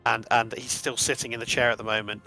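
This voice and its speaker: A man narrating a tabletop game as game master, relaxed and often restarting his sentences. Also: mid-range voice, fast talker, vocal fry, soft background music.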